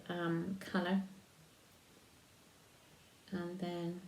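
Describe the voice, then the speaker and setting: A woman demonstrating a card-making craft, talking slowly while she paints and trailing off softly. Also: medium pitch, steady tone. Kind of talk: crafting tutorial. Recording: roomy echo.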